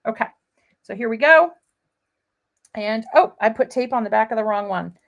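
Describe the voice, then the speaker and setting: A woman's voice: a little high, animated, normal speed, vocal fry, lo-fi sound. A woman hosting a live paper-crafting demonstration, chatting bubbly and giggly with viewers and greeting them by name. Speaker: crafting livestream host.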